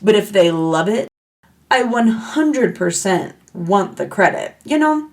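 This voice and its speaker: A woman's voice: mid-range voice, sing-song, slow. A woman hosting a casual solo podcast, talking in a chatty, playful, self-mocking way as she overshares. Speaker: podcast host.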